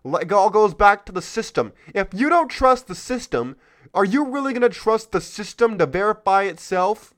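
A man's voice: high-pitched, sing-song, moderate pace. A man hosting a political commentary podcast, talking in a heated, sarcastic rant. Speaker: podcast host.

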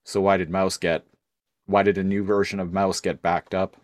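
A man's voice: low-pitched, little pitch movement, moderate pace, no echo, studio quality. A man co-hosting a podcast in casual chat, hesitant, with many fillers and restarts. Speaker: podcast co-host.

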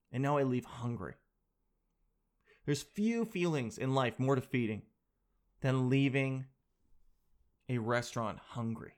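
A man in his thirties telling a self-deprecating comic story in casual chat, with lots of animated quoted voices. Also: mid-range voice.

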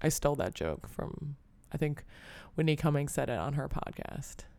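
A woman's voice: deep voice, very animated, moderate pace, vocal fry, dark tone, no room sound. A young adult woman hosting her own podcast, talking alone in a rambling, self-deprecating way, full of "like" and casual cursing. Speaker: podcast host. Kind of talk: casual solo podcast monologue.

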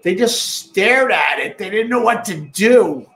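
A man's voice: high-pitched, measured pace, faint music behind. Long island guy ranting in a bar, voice jumps all over, roomy echo. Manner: animated, joking, swears freely. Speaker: podcast co-host. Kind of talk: casual bar chat.

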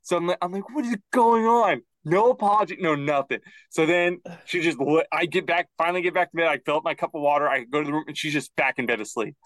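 A young man co-hosting a podcast, telling a casual story and acting out quotes with rising pitch. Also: fast talker, hardly any pauses, fairly bright tone, dry recording. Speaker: podcast co-host. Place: closet at home.

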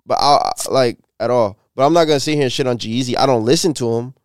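A man's voice: mid-range voice, quick pace, clear, resonant tone, no echo, clean studio sound. A young man co-hosting a podcast, blunt and laid-back, swearing freely in casual chat. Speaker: podcast co-host.

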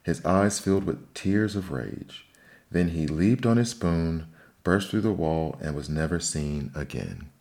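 A man reading fairy tales aloud in steady, measured storybook narration. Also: sits low, vocal fry. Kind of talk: fairy tale read-aloud.

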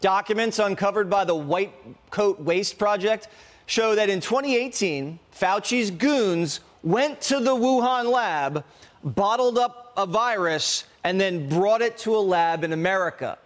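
News anchor guy, kinda high voice, brisk and sarcastic, reading a scripted bit. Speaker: TV news host.

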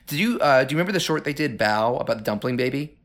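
A man co-hosts a casual movie podcast, talking fast and animatedly in a fairly bright, mid-range voice. His sentences ramble loosely, packed with "like" and "uh," and he keeps circling back to restart his points.

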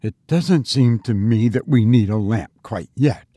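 Male reader playing a timid, frightened sister; husky, slow. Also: medium pitch, very animated, dark tone, no echo, clean studio sound, pitched above the performer's own voice, exaggerated voice. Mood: pleading. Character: frightened timid adult woman.

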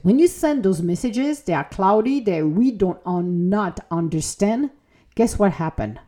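Animated woman hosting a motivational podcast. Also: medium pitch. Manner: animated, self-talk, acts out quoted voices. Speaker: podcast host. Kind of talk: motivational spiritual podcast monologue.

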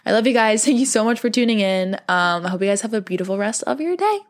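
Young woman, podcast host, gentle, earnest, casual heartfelt talk, lots of "like". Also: mid-range voice, steady tone, quick pace. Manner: gentle, earnest, fills talk with "like", calls listeners "baby".

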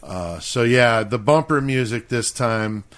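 A middle-aged man co-hosting a casual podcast, swearing freely as he spins a story. His delivery is animated and punctuated with laughter. The pitch sits in an ordinary male range. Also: measured pace. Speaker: podcast co-host.

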